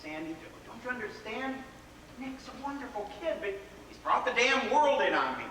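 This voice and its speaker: A man's voice: very high voice, very animated, moderate pace, sharp tone, heavily acted. An actor playing a whimsical, rebellious grown man, telling stories with theatrical, playful flourishes in a live stage play. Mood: pleading. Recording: echoey theater hall from far off, faint noise.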